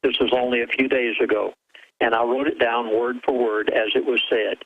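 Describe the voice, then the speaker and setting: A man's voice: mid-range voice, little pitch movement, moderate pace, husky, phone-quality sound. A man who is a guest on a call-in radio show, speaking urgently and dramatically while quoting a source word for word.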